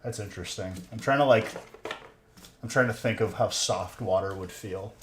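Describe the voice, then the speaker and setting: A man's voice: lowish voice, moderate pace. A young man hosting a livestream, chatting casually with viewers in a laid-back way, talking through a headset. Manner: laid-back, says "dude" and "bro" often. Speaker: livestream host of card box breaks. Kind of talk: casual chat with stream chat. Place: room in a collectibles shop. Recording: echoey room with faint noise.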